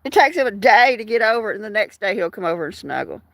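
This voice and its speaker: A woman's voice: medium pitch, lively intonation, fast, no room sound. An older woman hosting a casual live stream outdoors in the evening, chatting to viewers with many fillers and laughs. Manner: chatty, warm-hearted, frequent fillers and laughs. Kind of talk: casual chat reading out viewer comments.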